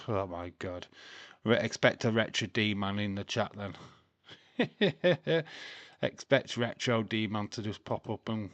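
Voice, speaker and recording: A man's voice: on the low side, no echo, dull audio. A man hosting a casual live watch-along stream, chatting, reading out scores and lineups, swearing freely and laughing often.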